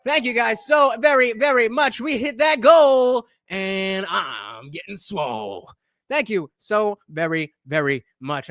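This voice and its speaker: A man live streaming, chatting casually with his audience, hyped and shouty, profane, dropping to mumbled asides. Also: sits high, expressive, slow pace, dry recording, studio quality.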